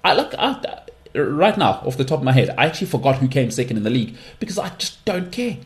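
A man with an English accent hosting his own podcast alone, giving strong opinions and often leaping into high-pitched mocking outbursts. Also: sing-song, quick pace. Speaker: podcast host. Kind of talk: solo podcast monologue.

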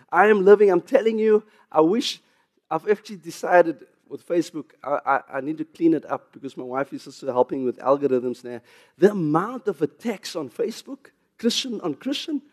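A South African pastor with a male voice preaches a sermon, growing louder and higher in pitch for emphasis and adding chuckles and asides.

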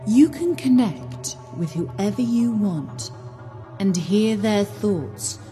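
A woman doing a slow hypnotic male guru. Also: mid-range voice, animated, dark tone, faint music behind. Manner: slow soothing hypnotic counting.

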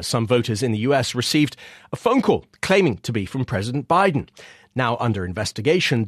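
Husky-voiced male documentary host. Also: medium pitch, no room sound, clean studio sound. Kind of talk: scripted presenting.

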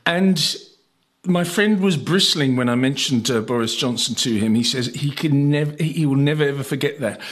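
A man's voice: mid-range voice, fairly quick, few pauses. A man from England, a broadcaster hosting an interview and telling a story in a chatty, anecdotal way. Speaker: host, broadcaster.

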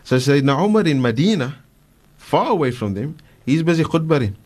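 A man in a radio studio, a guest scholar with a South African accent, telling religious stories in an animated way, acting out the quotes, with many fillers. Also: a little high, fairly quick. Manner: animated storyteller, acts out quotes, frequent fillers. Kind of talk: radio religious talk, storytelling.

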